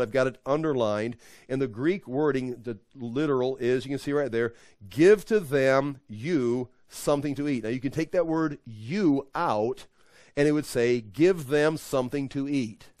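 A man's voice: mid-range voice, darkish tone, dry recording. A man leading an evening Bible study, teaching in a conversational, emphatic way and often correcting himself.

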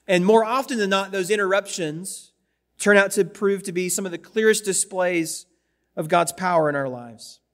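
A man's voice: high-pitched, moderate pace, a bit bright. A man preaching a sermon in a conversational way, repeating words and turning to the congregation with asides. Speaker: pastor. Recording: long hall reverb.

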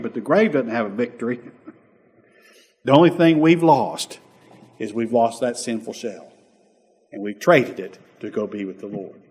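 A male pastor delivers a sermon in a husky voice of middling pitch. He builds to loud, emphatic lines and drops to quiet, tender asides, often asking the congregation short rhetorical questions. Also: long reverb tail. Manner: preaching with rising emphasis and softer asides.

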